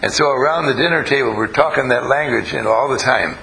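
A man with a gravelly, sharp-toned mid-range voice talks quickly while teaching a live group. Storytelling is central to his style, and he questions and coaxes the audience throughout. The rough recording has slight background noise.

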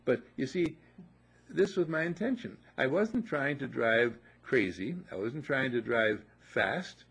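Gravelly older man giving folksy pep talk. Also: medium pitch, expressive, unhurried, fairly bright tone. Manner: folksy storyteller, repeats affirmations. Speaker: motivational speaker. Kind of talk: casual motivational talk.

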